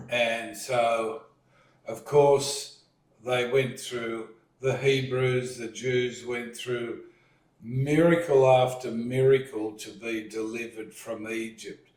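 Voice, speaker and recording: A man leading a relaxed dining-table discussion, slowly retelling a story and acting out what people said. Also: mid-range voice, far from the mic. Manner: slow storytelling, retells scenes with acted lines. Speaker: discussion leader. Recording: echoey room, voice set back from the mic.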